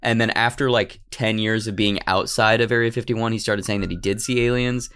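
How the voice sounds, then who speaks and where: A man's voice: fairly low pitch, steady tone, fairly quick, fairly bright tone, clean tone. A man co-hosting a podcast, chatting casually and joking about the topic. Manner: playful, slips into joking silly voices. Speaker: podcast co-host. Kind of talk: casual comedic podcast chat.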